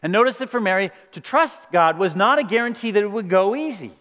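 A man's voice: high voice, expressive, a little fast, a bit bright, in a large hall. A man preaching a sermon as pastor, in a conversational style with acted-out quotes.

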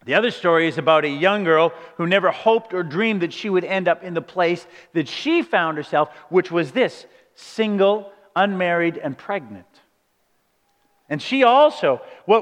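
Male pastor, high voice, earnest conversational sermon, long hall reverb. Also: a bit bright. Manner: conversational, earnest, many rhetorical questions.

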